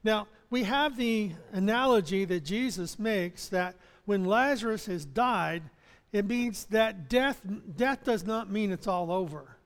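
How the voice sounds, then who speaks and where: A man's voice: sits high, a little slow. A man preaching a sermon as pastor, in a conversational way with chuckles and restarts. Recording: long hall reverb.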